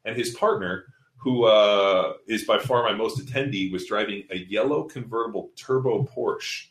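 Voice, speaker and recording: A man's voice: on the low side, normal speed, echoey room. A man coaching fitness seminars, telling a story in casual podcast talk, blunt and profane, acting out what people said. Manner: profane, blunt, acts out quotes.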